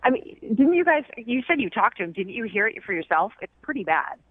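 A woman's voice: a little high, sing-song, brisk, a crowd in the background. Woman, caller, skeptical, blunt, phone-like sound. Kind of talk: phone call on a radio show. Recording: tinny phone line.

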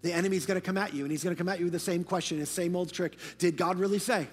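A male pastor delivering a sermon, moving between hushed, low passages and loud, emphatic preaching. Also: steady tone, racing, long reverb tail.

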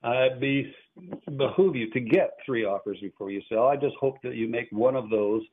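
A man speaking at a moderate pace and medium pitch plays an antique auctioneer hosting a call-in radio show. He talks casually in a rambling, self-interrupting way, and the audio sounds tinny and phone-like.

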